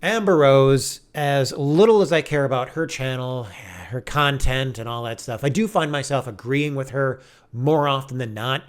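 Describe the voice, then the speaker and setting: A man giving casual video commentary with an animated, sarcastic and preachy manner. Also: medium pitch, moderate pace. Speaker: online commentator.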